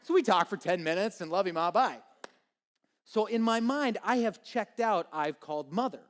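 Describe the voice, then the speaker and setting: Animated man telling a story from the pulpit. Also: high-pitched, normal speed. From Minnesota. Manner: animated, comic storytelling with quoted voices. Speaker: pastor. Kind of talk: sermon storytelling.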